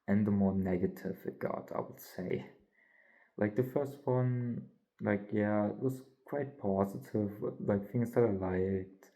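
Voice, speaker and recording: Slow, low-voiced young man rambling. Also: dark tone, low-quality recording. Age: young adult. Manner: candid, rambling, full of fillers and yawns. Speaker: college student. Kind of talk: casual vlog monologue.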